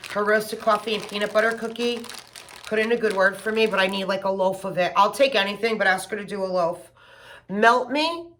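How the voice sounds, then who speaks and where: A middle-aged woman chatting casually and gushing with excitement as she unboxes gifts for her vlog. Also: mid-range voice, a little hiss or hum. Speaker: home fragrance vlogger.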